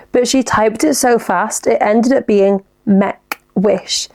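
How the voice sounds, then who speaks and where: Young woman chatting on her podcast, bit of vocal fry, reads messages and reacts all giggly. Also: mid-range voice, a little mellow. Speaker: podcast host. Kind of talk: casual solo podcast, reading listener messages.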